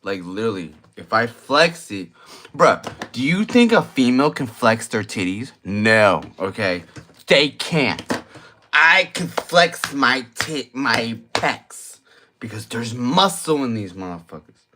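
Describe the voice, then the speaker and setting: A man's voice: mid-range voice, sing-song, slow, pushed and bright, a little hiss or hum. Young man, drawling and tipsy, crude late-night ranter. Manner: crude, slangy, argumentative, repeats himself. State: drinking, tipsy. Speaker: vlogger. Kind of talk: late-night rambling monologue.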